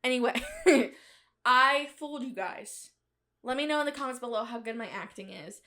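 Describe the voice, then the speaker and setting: In this casual comedic monologue, a young adult woman hosting her own show tells a meandering funny story, bubbly and self-mocking, with plenty of laughter. She talks at a normal speed in a fairly high voice with a sharp edge.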